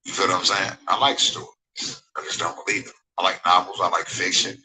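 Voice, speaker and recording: A man's voice: deep voice, level tone, a little fast, sharp tone, slightly rough, rough recording. A man in his forties giving a rambling livestream monologue, emphatic and digressive, repeating himself and often asking the viewers if they follow him while reading their chat comments. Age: 40s. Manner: emphatic, digressive, repeats phrases, asks for agreement.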